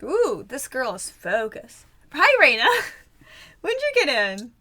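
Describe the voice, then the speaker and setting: A woman's voice: a little high, huge pitch swings, takes it slowly, fairly bright tone. A young woman chatting casually as she reacts to an anime episode, giggling often and trailing off into fillers. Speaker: anime reaction channel host.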